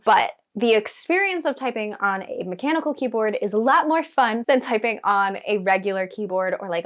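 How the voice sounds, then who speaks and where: A woman vlogger talking casually and enthusiastically to camera, with frequent filler words. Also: medium pitch. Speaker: writing vlogger.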